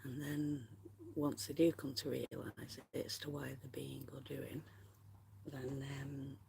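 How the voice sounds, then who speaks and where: A livestream host chatting casually with viewers in a soft, half-whispered voice and laughing often. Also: mid-range voice, flat delivery, measured pace, creaky, slight background noise. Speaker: livestream host reading chat.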